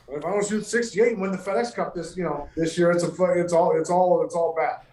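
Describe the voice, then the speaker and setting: A man telling stories in casual podcast chat, swearing freely and animated. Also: high-pitched, quick pace, hardly any pauses, roomy sound, slight background noise, poor audio. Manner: profane, animated storytelling. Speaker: pro golfer guest.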